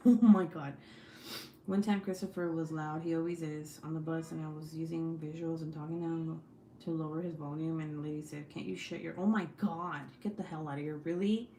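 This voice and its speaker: A young woman hosts a casual livestream from home, chatting bluntly and swearing freely. Her voice sits a little low. The room is echoey, with faint noise in the background. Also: steady tone, normal speed, dark tone. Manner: blunt, profane and talkative. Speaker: livestream host. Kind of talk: casual chat with live viewers. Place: home, at night.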